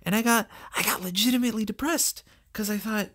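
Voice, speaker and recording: A woman in her twenties with a lower voice recording a personal, halting message to her future self, full of repeats and restarts, with sarcastic asides, from a dark closed-off room. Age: 20s. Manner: halting, self-interrupting, thoughtful. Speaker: vlogger.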